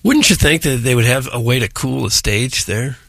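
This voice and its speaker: Man, gravelly voice, husky, radio co-host, casual rambling chat, dry sound. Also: mid-range voice, moderate pace, fairly bright tone, dry recording. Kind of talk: casual talk radio banter.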